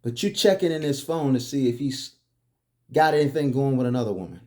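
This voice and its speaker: A man's voice: mid-range voice, expressive, brisk, a little mellow. A man delivering a preachy monologue, firing off emphatic, repetitive rhetorical questions. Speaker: commentary host.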